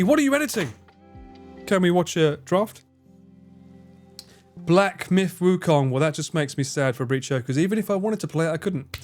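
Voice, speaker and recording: A man's voice: medium pitch, darkish tone. A man streaming live, chatting casually with his viewers, reading out their messages and joking at his own expense. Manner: chatty, self-mocking, reads chat aloud.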